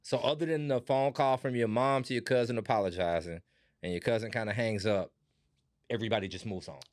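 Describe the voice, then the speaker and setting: A male podcast host with a somewhat low voice reacts openly to his guest's story, exclaiming and joking. He sounds close and dry on the mic. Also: brisk, dry recording. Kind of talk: conversational interview.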